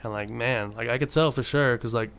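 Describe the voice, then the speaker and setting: A man's voice: mid-range voice, a little fast, a bit bright, smooth. A young man talking casually and earnestly to his viewers, rambling with many fillers and restarts. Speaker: vlogger. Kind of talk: casual motivational monologue.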